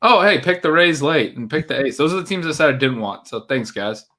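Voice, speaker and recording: A man's voice: a little high, lively intonation, a little fast, bright, forceful tone. A man co-hosting a casual podcast chat, thinking aloud as he weighs draft picks. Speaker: podcast co-host.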